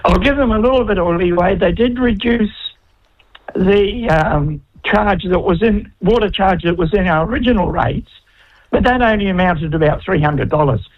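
A man's voice: high-pitched, normal speed. A New man calling in to a radio show, matter-of-fact and wry. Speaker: caller. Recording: dull phone line.

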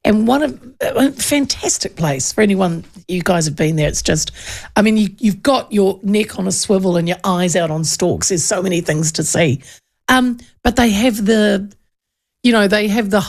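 Chatty gravelly New woman. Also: mid-range voice, expressive, normal speed, darkish tone. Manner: chatty, rambling storytelling with many restarts. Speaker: radio host. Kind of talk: casual chat.

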